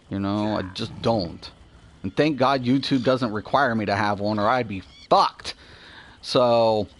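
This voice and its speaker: Middle-aged male gaming host, mid-range voice, rambling and cussing, loose commentary while playing. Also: mid-range voice. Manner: rambling, profane, animated. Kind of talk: casual gameplay commentary.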